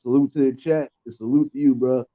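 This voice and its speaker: List: man, call-in guest, relaxed agreeable talk, phone-like audio. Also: mid-range voice, a little fast. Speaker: guest caller on a livestream. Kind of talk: casual livestream chat. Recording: tinny phone-line audio.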